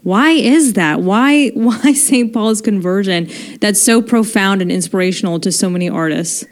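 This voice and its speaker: A woman hosts a radio interview, posing questions to her guest in a friendly, conversational way. Her voice sits in a middle pitch. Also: moderate pace. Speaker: radio show host.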